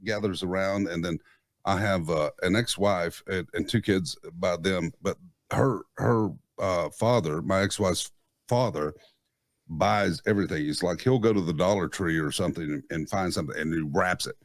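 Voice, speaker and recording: A man in his fifties sitting in as co-host, chatting in a relaxed, joking way with frequent chuckles. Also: deep voice, normal speed, dry recording, studio quality. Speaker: guest co-host. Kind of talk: casual chat.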